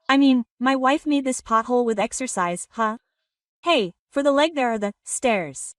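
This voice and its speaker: Brash high-voiced Mexican woman comedian. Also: moderate pace, fairly bright tone, no room sound, studio quality, distant mic. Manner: brash, teasing, switches into voices of husband and kids. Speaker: stand-up comedian. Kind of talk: comedic monologue with acted dialogue.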